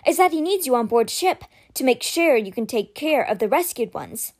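Woman doing a gentle young woman, coaxing, hushed, high voice. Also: lively intonation, normal speed. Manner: gentle, conspiratorial.

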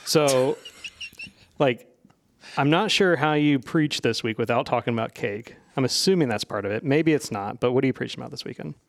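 A man's voice: mid-range voice, normal speed, gravelly. A man hosting a casual church podcast, playful and rambling as he leads the talk. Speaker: podcast host.

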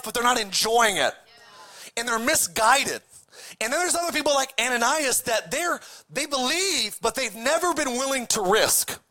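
A man preaches with a high, bright, ringing voice. He is animated and emphatic, and he switches between conversational asides and raised, shouted declarations. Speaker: pastor. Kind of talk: sermon.

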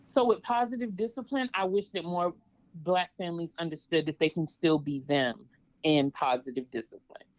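A woman from Georgia with a Southern twang, a parenting coach talking in a casual interview, emphatic and quick to laugh. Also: fairly low pitch, dry recording, poor audio. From Georgia, USA. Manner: lively, laughs often, emphatic.

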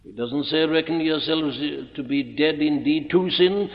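A man preaching an expository sermon, emphatic and deliberate, posing rhetorical questions and answering them. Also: a little high. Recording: muffled old recording in a reverberant hall.

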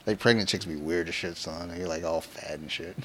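A man's voice: sits low, a little fast, background noise. A man co-hosting a podcast, rambling in crude, slangy casual chat. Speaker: podcast co-host.

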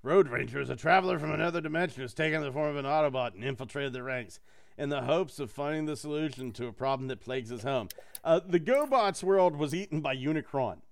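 A man's voice: a little high, expressive, fast, gravelly. Rambling, laughing man on a podcast. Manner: rambling, laughs often, swears freely. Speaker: podcast host. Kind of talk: casual chat.

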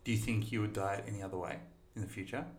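Deep-voiced man coaching, echoey room. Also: fast talker. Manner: relaxed, advisory, filler-heavy. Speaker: nutrition coach, host. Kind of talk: casual interview chat.

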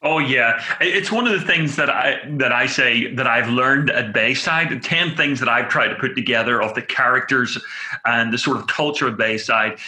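Man, interviewer, very bright voice, echoey room, relaxed storytelling. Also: medium pitch, normal speed. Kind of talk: conversational interview.

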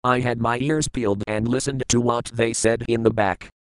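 A man narrating a first-person audiobook in a measured, plain storytelling manner. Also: medium pitch, fairly even intonation, clean tone, no room sound, rough recording.

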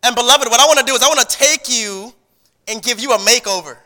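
Bright-voiced preacher man in a reverberant hall. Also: very high-pitched, fast. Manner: conversational preaching with repeated words and restarts. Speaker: pastor. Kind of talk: sermon. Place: church sanctuary.

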